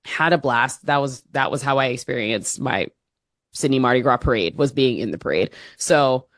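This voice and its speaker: A woman co-hosting a podcast, telling stories in a casual, animated way with lots of fillers. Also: extremely low pitch, normal speed, no echo, clean studio sound. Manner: animated storyteller, laughing, many fillers. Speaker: podcast co-host. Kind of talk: casual chat.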